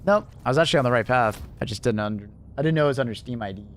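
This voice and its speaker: A man's voice: medium pitch, very fast. Man, livestreamer, casual chat, easygoing, laughs a lot, faint background hum. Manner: chatty, laughs often, talks to chat and his cat.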